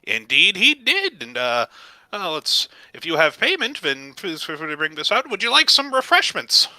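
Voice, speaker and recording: A man voicing a fussy, excitable middle-aged gnome shopkeeper who talks high and eager to please. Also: normal speed, no room sound, heavily acted. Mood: fawning.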